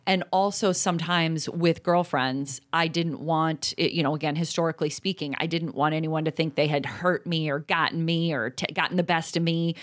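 A woman in her forties co-hosting a casual podcast, chatty and self-reflective, talking quickly at times. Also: deep voice, fairly even intonation. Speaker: podcast co-host. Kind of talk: casual chat.

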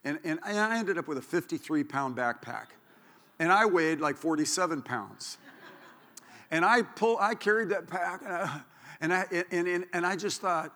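Bright-voiced pastor preaching in a hall. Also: male voice, on the high side, moderate pace. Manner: animated storytelling, joking asides. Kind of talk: sermon. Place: church sanctuary. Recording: church hall reverb.

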